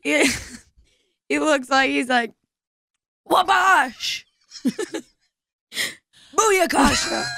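Woman co-host, high animated voice, slow giggly delivery, does quick silly impressions. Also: creaky, no room sound, clean studio sound. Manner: laughing, mimicking people in silly voices. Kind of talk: casual comedic chat.

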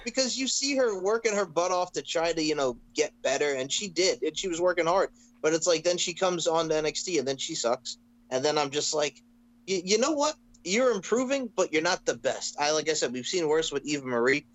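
A man co-hosting a casual wrestling podcast, talking in an animated, ranting way and swearing freely. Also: fairly high pitch, fairly quick, low-quality recording. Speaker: podcast co-host.

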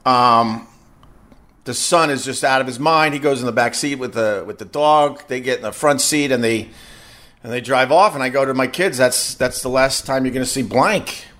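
A man's voice: mid-range voice, moderate pace, fairly bright tone. A middle-aged man, a podcast host, telling a long casual story and stumbling over and repeating his words as he goes.

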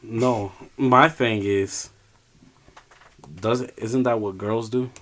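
A man co-hosting a casual podcast chat, teasing the others and quick to deny things. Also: fairly low pitch, fairly even intonation, a bit bright.

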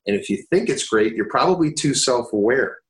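A man's voice: mid-range voice, lively intonation, fairly quick. Guy actor rambling and swearing casually, laughing at himself, echoey room. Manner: rambling, profane, self-deprecating. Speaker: actor guest. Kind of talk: candid casual conversation.

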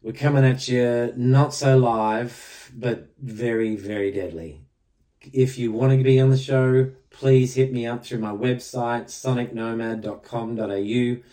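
A man's voice: medium pitch, steady tone, measured pace, mellow. An Australian man hosting his own podcast, talking in a direct, plain-spoken and conversational way. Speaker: podcast host. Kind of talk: earnest spoken commentary.

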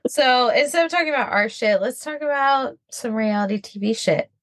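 A young adult woman co-hosting a podcast in casual chat, expressive and sarcastic. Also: a little high, normal speed. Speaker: podcast co-host.

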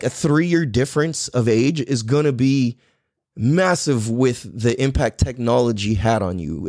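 Man, 30s, from San Diego; casual profane storyteller, very animated delivery. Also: dry recording, studio quality. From San Diego, California. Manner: profane, animated, acts out quotes in a louder higher voice.

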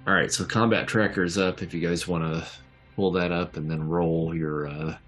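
A man with a very low voice narrates a tabletop role-playing game as its game master. He talks in an easygoing way, often pausing on filler sounds, while soft music plays underneath. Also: steady tone.

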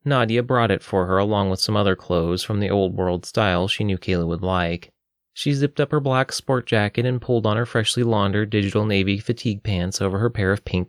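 A man narrating an audiobook in a steady, even storytelling manner. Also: sits low, no echo, clean studio sound.

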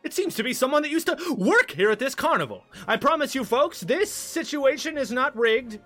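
A man's voice: sing-song, normal speed, sharp tone, soft background music, full character voice. A man voicing a flamboyant male carnival ringmaster in a showy, theatrical announcer manner. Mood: announcing. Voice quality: high, theatrical showman voice. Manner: grand announcer delivery, prim and flustered.

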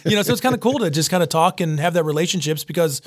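Fast-talking, animated chef. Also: male voice, fairly high pitch, no room sound. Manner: rambling, animated, acts out quoted voices. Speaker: chef and pizza shop owner. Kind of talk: casual interview chat.

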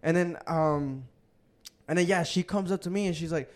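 A man's voice: a little high, normal speed. A young adult man hosting a casual podcast, telling a bar story in loose slang with lots of swearing. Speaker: podcast host. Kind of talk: casual chat.

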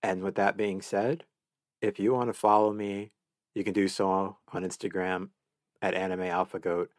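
A man's voice: low-pitched, flat delivery, moderate pace, no echo, clean studio sound. A man hosting a solo anime review podcast, talking in a gushing, enthusiastic way and repeating words as he restarts his sentences. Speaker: podcast host.

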